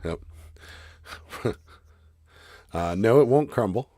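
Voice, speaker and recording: Hoarse low-voiced man chatting live. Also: animated, slow pace, mellow, no echo, clean studio sound. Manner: easygoing, chuckling, reads viewer comments aloud. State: hoarse, voice mostly lost. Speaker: co-host of a live resale stream. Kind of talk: casual live-stream chat.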